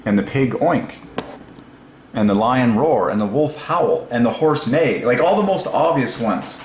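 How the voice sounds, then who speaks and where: A man hosting his own channel, talking alone in a casual, excited way, musing aloud and laughing to himself, recorded on a lapel mic. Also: medium pitch, measured pace, reverberant, slight background noise, rough recording. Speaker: religious channel host. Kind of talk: solo casual commentary.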